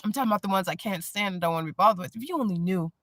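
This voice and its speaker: A woman chatting casually on a live stream, blunt and animated, often breaking into laughter. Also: medium pitch, rapid-fire, no room sound. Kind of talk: casual chat.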